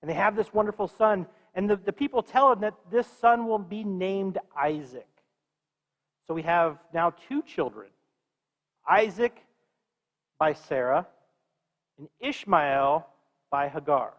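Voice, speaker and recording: A man with a fairly high voice leads a confirmation class in conversation. He keeps quizzing the students as he goes. His voice carries a long reverb from a large church hall. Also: expressive, measured pace, long pauses, fairly bright tone, muffled recording. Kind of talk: teaching a class.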